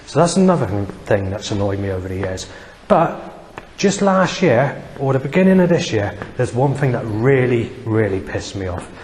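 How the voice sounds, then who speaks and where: An agitated man talks on and on in a rambling vlog monologue, cursing freely and repeating himself. His mid-pitched voice rings out with a long reverb tail, and a faint hiss sits underneath. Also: big pitch swings, normal speed, a little mellow. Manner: agitated, profane, repetitive. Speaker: vlogger.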